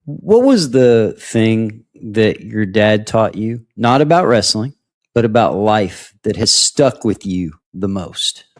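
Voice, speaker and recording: A man's voice: fairly low pitch, sing-song, slow. A man hosting a podcast, interviewing a guest with short prompts and probing questions. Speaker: podcast host.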